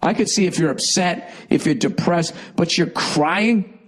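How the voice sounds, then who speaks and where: A man's voice: high-pitched, measured pace, rough recording. A man hosting a podcast, reading a listener email and giving blunt, profane advice in a rambling comedic rant with a Boston accent, while fighting a cough.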